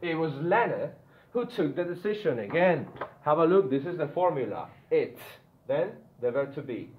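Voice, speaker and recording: A man's voice: fairly high pitch, big pitch swings, moderate pace. A man teaching an English grammar lesson, repeating key points and often checking whether students follow. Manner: repetitive, checks understanding often. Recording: tinny phone-like audio with faint noise.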